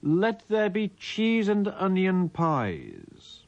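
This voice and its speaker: A man voicing a grandly proclaiming male Lord of creation in a theatrical, stately, drawn-out manner. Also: sits high, huge pitch swings, gravelly, no echo, muffled recording, pitched above the performer's own voice, heavily acted.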